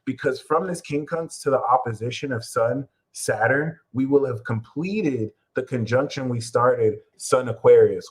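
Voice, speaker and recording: A man's voice: medium pitch, low-quality recording. Man chatting casually about astrology. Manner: rambling, profane and jokey, with repeated catchphrases. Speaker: astrology reader and channel host.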